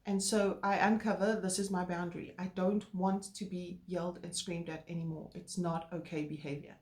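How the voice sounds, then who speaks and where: A woman co-hosting a relationship talk, explaining calmly and earnestly with filler words. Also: lowish voice, moderate pace. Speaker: co-host. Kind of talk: casual chat. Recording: roomy echo.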